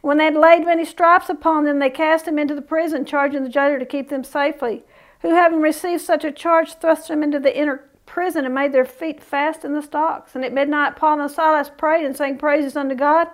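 Bible teacher, female, high-pitched, folksy and chatty between readings. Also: fairly even intonation, a little fast. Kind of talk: Bible study reading scripture with casual asides.

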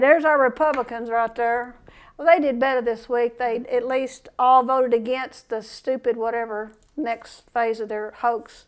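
A woman's voice: fairly high pitch, steady tone, measured pace, clear, resonant tone. A woman preacher delivering a sermon, reading scripture aloud and breaking into folksy, fiery asides.

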